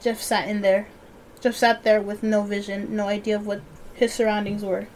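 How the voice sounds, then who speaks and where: A woman's voice: medium pitch, level tone, moderate pace, a little mellow, slight background noise. A young woman reading a horror story aloud and breaking off to chat and joke with a friend. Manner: chatty, laughs and jokes between reading. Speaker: podcast co-host and reader.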